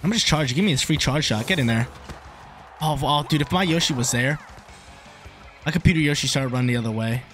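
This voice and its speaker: A young man giving live commentary over his own online soccer game, excitable and swinging between hype and frustration. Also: medium pitch, a little fast, long pauses, soft background music. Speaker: gaming YouTuber.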